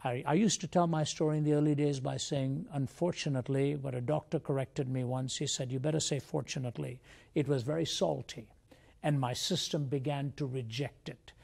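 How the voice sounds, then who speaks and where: A man's voice: mid-range voice, fairly even intonation, moderate pace, creaky, darkish tone. An older man from India, a Christian apologist, telling his life story as an interview guest in an earnest, reflective way.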